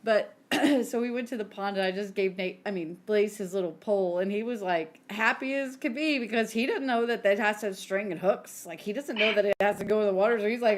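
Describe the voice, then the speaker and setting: A woman's voice: mid-range voice, fairly quick, few pauses, a little hiss or hum. Chatty woman telling family stories. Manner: chatty storyteller, acts out quotes, lots of "like". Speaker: podcast co-host. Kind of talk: casual chat.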